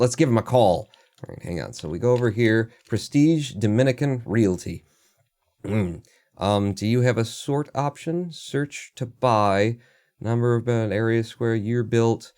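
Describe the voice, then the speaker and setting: A man's voice: mid-range voice, expressive, normal speed, a little mellow. A man livestreaming, rambling through casual commentary in a sardonic and profane way. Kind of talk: casual live-stream commentary.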